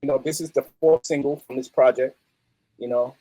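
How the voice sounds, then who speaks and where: A middle-aged man, a musician guest telling stories in a streetwise, animated way. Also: mid-range voice, a little fast, no room sound, poor audio. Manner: animated, streetwise, peppered with "you know what I mean". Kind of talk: casual interview storytelling.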